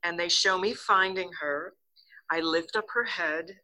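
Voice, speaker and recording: An older woman, an actress and interview guest, telling a story in a casual, lively way and acting out the lines she quotes. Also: a little slow, poor audio. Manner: lively, acts out quotes with big pitch jumps.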